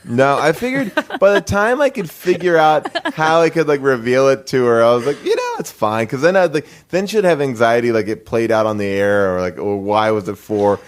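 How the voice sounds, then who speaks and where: A man's voice: mid-range voice, moderate pace, few pauses. A man in his thirties, a comedian guest in an interview, telling stories in a rambling way with lots of "like" and frequent laughs. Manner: rambling, many "like" fillers, laughing often. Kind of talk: casual interview storytelling.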